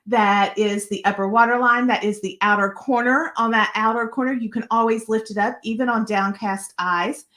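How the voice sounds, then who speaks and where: A woman demonstrates makeup live, chatting easily and talking directly to her viewers. Her voice sits a little high for a woman, and she keeps the tone friendly and encouraging throughout. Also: fairly even intonation, moderate pace, hardly any pauses, a bit bright. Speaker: makeup tutorial host.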